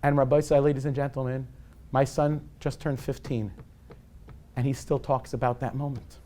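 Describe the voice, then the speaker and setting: A man in his forties, a rabbi, lectures to a live audience in an animated storytelling way. He mixes self-deprecating humor with Yiddish and Hebrew words. His voice sits at an ordinary pitch for a man. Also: normal speed. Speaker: rabbi giving a public talk on parenting.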